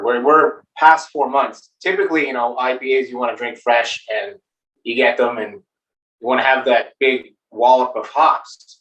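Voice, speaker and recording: Relaxed man talking beer, echoey and distant. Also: mid-range voice, dull audio. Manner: relaxed, rambling explanations with many fillers. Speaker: brewmaster guest. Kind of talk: casual chat.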